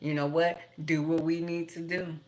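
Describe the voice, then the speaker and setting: A woman's voice: low voice, little pitch movement, moderate pace, a little mellow. A middle-aged woman, talking in a blunt, profane, rambling monologue with laughing asides. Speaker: tarot reader.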